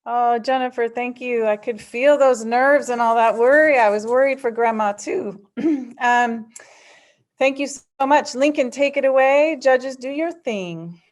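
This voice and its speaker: A woman's voice: fairly high pitch, measured pace. A woman hosting a live storytelling event, friendly and encouraging as she thanks a teller and introduces the next. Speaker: event host.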